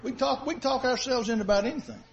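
A male pastor with a very high-pitched voice preaches at a quick pace. His sermon has a conversational feel, and he keeps asking the congregation rhetorical questions. The audio is dull and lo-fi.

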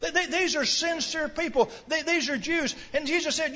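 A man's voice: extremely high pitch, normal speed, few pauses, sharp tone, lo-fi sound. A man preaching a sermon in an earnest, questioning way, often repeating words as he starts a sentence.

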